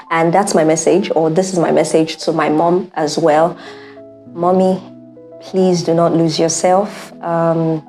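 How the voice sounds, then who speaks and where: A young woman talks straight to her viewers in a heartfelt vlog, earnest and insistent, coming back to the same points so they land. Her voice sits on the low side for a woman, and soft music plays faintly underneath. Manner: earnest, repeats points for emphasis. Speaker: vlogger. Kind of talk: heartfelt personal monologue.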